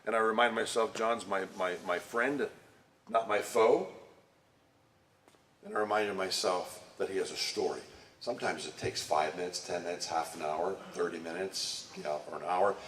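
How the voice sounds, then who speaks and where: A man's voice: deep voice, moderate pace, a bit bright, slight background noise. A man giving a conversational talk to a church congregation, often putting direct questions to his listeners. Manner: engages the audience with direct questions. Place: church sanctuary. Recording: echoey room, distant mic, faint ambience.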